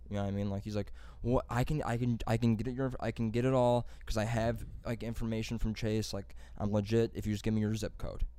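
A man's voice: on the low side, flat delivery, quick pace, few pauses, warm tone, smooth, no echo. A man telling a rambling, profane story in casual chat among friends.

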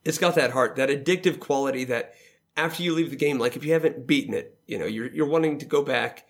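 Hosting a casual roundtable chat about video games, this podcast host leads the group and laughs easily. He speaks at a quick pace in a medium-pitched voice with vocal fry.

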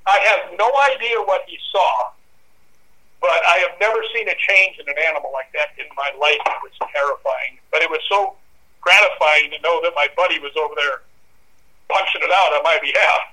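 High bright-voiced man telling a wild story. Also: fairly quick, rough recording. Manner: lively, acts out voices and dog growls. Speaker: guest storyteller. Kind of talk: animated anecdote telling.

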